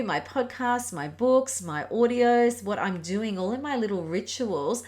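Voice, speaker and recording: A middle-aged woman hosting a reflective solo podcast as a Pilates and yoga teacher, speaking in a gentle, earnest and encouraging way. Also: medium pitch.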